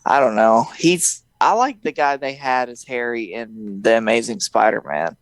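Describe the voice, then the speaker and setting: A man's voice: mid-range voice, normal speed, dry recording. A young man hosting a casual podcast chat, laughing often and mimicking people in his stories. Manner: laughing, animated, mimics voices in quotes. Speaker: podcast host.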